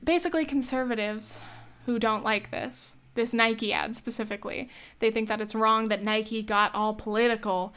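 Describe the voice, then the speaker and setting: A young woman talks through her opinions in a loose, chatty way, often laughing at herself and restarting her sentences. Her voice sits a little high and sounds smooth and clear. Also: steady tone, normal speed, a bit bright. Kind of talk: casual opinion monologue.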